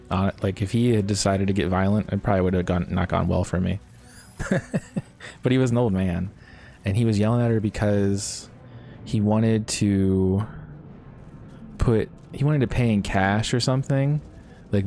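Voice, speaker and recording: A man's voice: sits low, dark tone. A man streaming a video game, telling a long personal story in a rambling, casual way, swearing and laughing at himself. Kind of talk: casual storytelling while gaming. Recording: faint game music behind.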